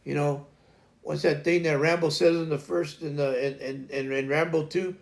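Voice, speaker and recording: A gravelly, slightly high-pitched man chats casually on his livestream. He rambles through a shop story and plays both sides of the conversation himself. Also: fairly even intonation, normal speed. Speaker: livestream host.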